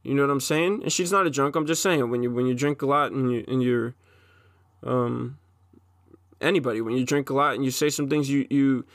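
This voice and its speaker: A man's voice: medium pitch, fairly quick, dry recording, clean studio sound. A man in his twenties gives an intense, profane solo monologue as a podcast host, often restarting his sentences.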